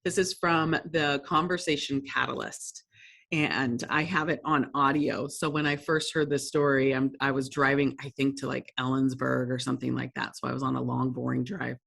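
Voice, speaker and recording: A woman's voice: a bass voice, little pitch movement, moderate pace, vocal fry, a bit bright, slightly rough. A woman presenting a workshop lesson, telling stories in a conversational, self-deprecating way and laughing often.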